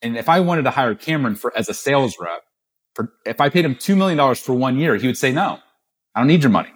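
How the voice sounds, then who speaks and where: A middle-aged man, a podcast guest, telling a business story with animated quoted dialogue. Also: mid-range voice, quick pace. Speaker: guest, gift-giving business founder.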